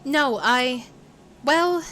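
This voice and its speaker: A woman's voice: high voice, drawn-out words, bright, forceful tone, voice pushed up, exaggerated voice. A woman reading an awkward young bartender. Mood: hesitant.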